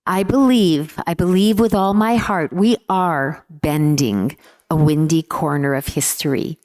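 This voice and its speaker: A woman giving a formal speech in an earnest, measured way, stressing repeated words. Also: low-pitched, a little mellow. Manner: earnest, measured, with emphatic repetitions. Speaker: speaker.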